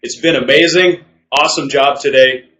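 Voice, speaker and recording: A man from Iowa co-hosting a business show, explaining things in a measured, practical way. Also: on the high side, steady tone, sharp tone, echoey room, poor audio. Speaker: podcast co-host. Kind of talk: casual business chat.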